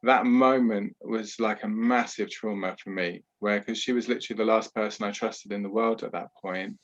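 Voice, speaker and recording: A man, a podcast guest who talks candidly and at a measured pace about his own past, often adding "you know". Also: lowish voice, steady tone, fairly bright tone, lo-fi sound. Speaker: podcast guest, trauma healer. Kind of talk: reflective personal storytelling.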